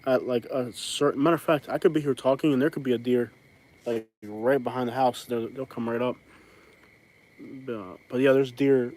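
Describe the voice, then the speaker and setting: A man talks into a handheld phone outside on his rural land, wandering from thought to thought. His voice sits at an ordinary middle pitch, with plenty of "like" and "um" as he restarts sentences. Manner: rambling, many fillers and restarts. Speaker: vlogger hosting a live stream. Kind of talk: casual rambling live stream. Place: outdoors on his rural property.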